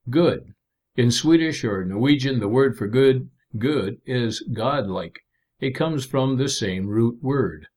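A man preaching a sermon in an earnest, measured way, with emphatic asides to the congregation. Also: medium pitch.

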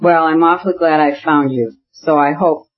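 A man voicing a cheerful, kindly, excitable middle-aged nobleman who turns emotional and pleading in a storybook reading. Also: on the high side, normal speed, lightly acted. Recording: dull lo-fi recording.

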